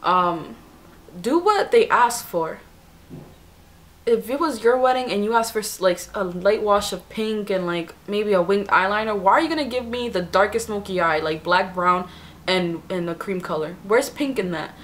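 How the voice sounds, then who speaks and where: Young woman vlogger rambling thru a storytime, lots of "like"s, animated. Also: medium pitch, moderate pace. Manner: chatty, animated retelling with many "like" fillers. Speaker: beauty vlogger. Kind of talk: casual storytime.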